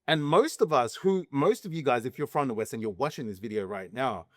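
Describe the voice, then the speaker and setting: A man's voice: mid-range voice, animated, a little fast, no echo, studio quality. A man talking straight to camera in a casual opinion monologue, emphatic, asking rhetorical questions and restarting his sentences. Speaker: vlogger.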